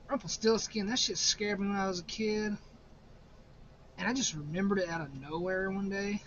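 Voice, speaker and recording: Young man, casual vlog, rambling and profane, slightly high voice, dull lo-fi audio. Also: fairly bright tone. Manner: profane, rambling, quick to laugh. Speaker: horror movie vlogger. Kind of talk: casual ranking commentary. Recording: slightly dull recording with faint noise.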